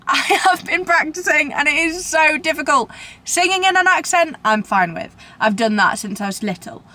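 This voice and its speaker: A woman's voice: mid-range voice, bright, forceful tone, a little hiss or hum. A young woman with a British accent, chatting casually to camera in a rambling, self-deprecating way. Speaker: vlogger. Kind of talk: casual vlog chat to camera.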